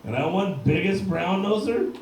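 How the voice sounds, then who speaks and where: A man in his thirties works a bar crowd with crude, punchy stand-up and shouts his punchlines. His voice sits a bit high for a man. It comes from far off the mic and rings with heavy bar room echo over faint noise. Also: unhurried. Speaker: stand-up comedian. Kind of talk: stand-up set. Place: bar stage before a live crowd.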